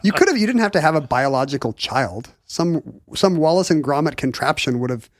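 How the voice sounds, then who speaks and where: A man's voice: fairly high pitch, expressive, brisk, dry recording. A man co-hosting a podcast, telling a history story in a joking, playful way and laughing often. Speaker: podcast co-host. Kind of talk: casual chat, storytelling.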